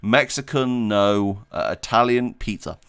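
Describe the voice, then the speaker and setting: A man's voice: lowish voice, a little slow, a bit bright. A man chatting casually on a livestream, reading out viewer questions and rambling with frequent laughs. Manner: rambling, self-deprecating, laughs often; reads chat questions aloud while playing. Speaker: streamer answering viewer questions.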